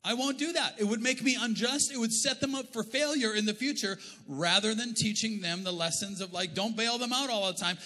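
A man preaching a sermon as pastor, telling funny stories and swinging from loud bursts to quiet asides. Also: high voice, fairly quick, hardly any pauses. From Canada. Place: large church auditorium. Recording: church hall reverb.

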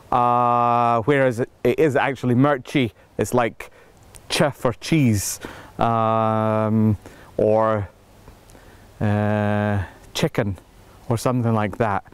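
A man who grew up in South Africa, reading a list of backers' names in a halting, casual update filmed outdoors in the cold. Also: medium pitch, fairly even intonation, clean tone, dry recording. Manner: halting, reading names slowly with many fillers. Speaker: filmmaker thanking backers.

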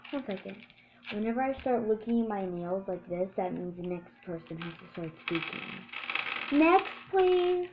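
A woman's voice: medium pitch, expressive, moderate pace, noisy background, voice pushed down, natural voice. A woman playing a female search engine in a home skit, answering questions in a chatty, offhand way with muttered asides.

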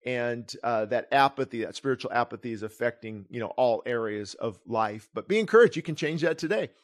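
Reading his own book as a sermon, this middle-aged man speaks in a brisk, mid-range voice and comments as he goes. Earnest and prone to digressions, he frequently abandons sentences and restarts them.

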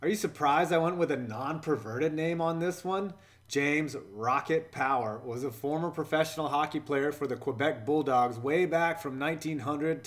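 A man hosting a scripted comedy countdown voice-over, delivering sarcastic jokes and innuendo. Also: on the high side. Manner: sarcastic, joking, innuendo-heavy. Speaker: YouTube channel host.

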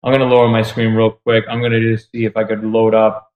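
A man's voice: lowish voice, fast talker, narrow, tinny audio. A man with a New York accent telling a frustrated story in a casual vlog, acting out the other people in it. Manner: animated, exasperated retelling with quoted dialogue. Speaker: vlogger. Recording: echoey room.

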